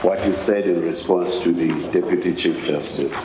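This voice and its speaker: A man questioning counsel from the bench in a courtroom, deliberately reading out quoted phrases and stressing them. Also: deep voice, fairly even intonation. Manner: slow, deliberate, reads quoted phrases with emphasis. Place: large courtroom. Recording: echoey court hall, faint hiss.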